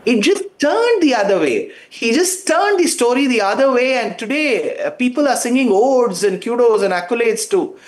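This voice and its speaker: A man's voice: extremely high pitch, animated, normal speed, few pauses. A man, a guest giving fervent, emphatic commentary on a talk show.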